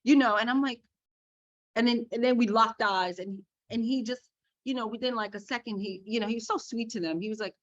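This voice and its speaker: A woman guest telling a story in a casual, animated way, laughing along. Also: a little high, a little fast. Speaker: podcast guest, makeup artist. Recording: dull lo-fi sound.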